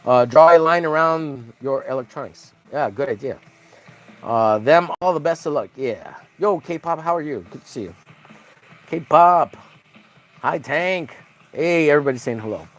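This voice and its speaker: A man's voice: fairly high pitch, a little slow. A man hosting a casual drawing livestream, joking crudely and greeting viewers by name as he works. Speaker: livestream host.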